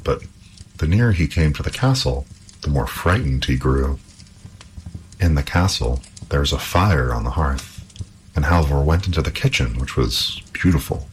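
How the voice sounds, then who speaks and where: A man reading an old folk tale aloud in an expressive storytelling manner. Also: extremely low pitch, normal speed, poor audio.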